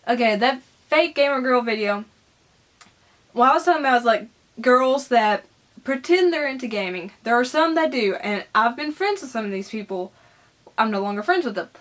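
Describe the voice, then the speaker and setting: A woman's voice: on the high side, lively intonation, normal speed, fairly bright tone. A young Southern American woman with a Southern accent, chatting casually as she answers viewer questions in her vlog. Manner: chatty, rambling, giggly.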